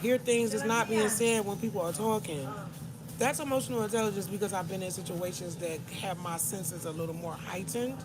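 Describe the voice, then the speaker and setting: A woman's voice: mid-range voice, fairly quick. A middle-aged woman, talking candidly and emotionally to her live-stream viewers in a corner store. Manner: candid, emotional, talks to chat and shop staff. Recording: noisy store with traffic.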